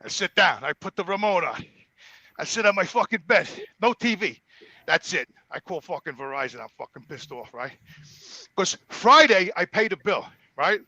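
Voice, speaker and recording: Man, 60s, out of breath, animated profane storytelling, dry close sound. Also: high voice, normal speed, dry recording, muffled recording. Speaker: podcast regular. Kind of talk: casual chat.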